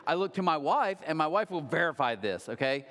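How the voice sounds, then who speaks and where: A man in his thirties preaching a sermon, telling stories with lively acted-out quotes. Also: a little high, a little fast. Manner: animated storytelling with acted-out quotes. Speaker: pastor. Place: large church hall. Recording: long hall reverb.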